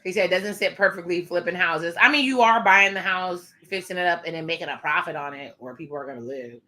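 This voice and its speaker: A woman gives chatty, sassy commentary while reacting to a show. Her voice is fairly low but has a bright, forceful edge. She keeps turning to her viewers with quick asides. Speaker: reaction video host.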